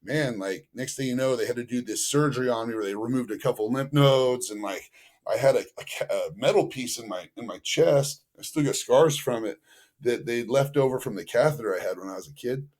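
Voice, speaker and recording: A man's voice: medium pitch, a little fast, a little mellow. A man telling a story as a podcast guest in a loose, rambling way, full of fillers. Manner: acts out other people's voices in his stories. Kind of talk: casual storytelling.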